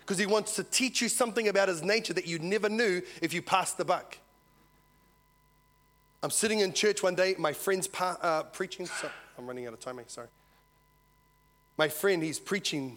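A male pastor with a fairly high, fairly quick voice preaches to his church. He tells an animated story, performs the dialogue in character, and asks the congregation "Amen?"

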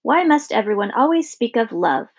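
A woman's voice: big pitch swings, normal speed, breathy edge. A woman doing a haughty, spoiled princess. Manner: high, haughty and demanding. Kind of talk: audiobook character reading.

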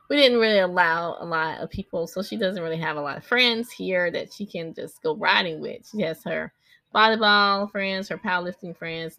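Bright, slightly gravelly chatty mom. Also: female voice, fairly low pitch, no echo. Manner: rambling and chatty, breaks off to direct her kids. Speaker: mother recording a podcast vlog. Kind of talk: casual personal chat.

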